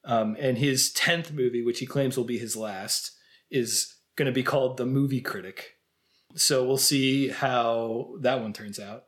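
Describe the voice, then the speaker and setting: A man's voice: mid-range voice, measured pace, a bit bright. Chatty man co-hosting a film podcast. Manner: chatty, laughs easily, lists films. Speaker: podcast co-host. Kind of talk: casual film chat.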